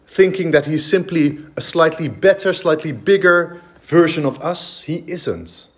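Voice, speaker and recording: A man preaching a sermon in a church, emphatic and explanatory, with frequent fillers and restarts. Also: a little high. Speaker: pastor.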